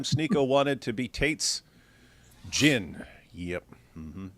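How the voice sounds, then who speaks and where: A man's voice: mid-range voice, big pitch swings, slow, fairly bright tone, dry recording. Wry male host reading comments. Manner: wry, dry humor, chuckling asides. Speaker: show host. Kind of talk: casual live-stream chat, reading comments aloud.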